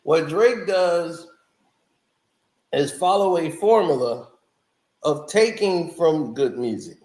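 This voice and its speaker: A man's voice: on the high side, expressive, slow, a little mellow, echoey room. A man giving casual, opinionated commentary as a music reviewer, laughing often and making mocking asides.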